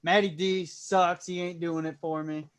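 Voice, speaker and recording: A man with a high voice co-hosts a casual podcast chat. He jokes and laughs easily. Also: flat delivery, normal speed. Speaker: co-host.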